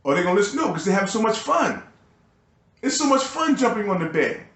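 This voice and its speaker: A man's voice: high voice, very animated, brisk, fairly bright tone, echoey room. A man delivering a profane, agitated and bitter ranting monologue to his video channel. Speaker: YouTuber.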